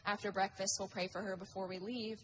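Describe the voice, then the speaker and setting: A woman's voice: medium pitch, flat delivery, brisk, noisy background. A teenage girl sharing a testimony at church, chatty and giggly, with lots of "like"s. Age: teens.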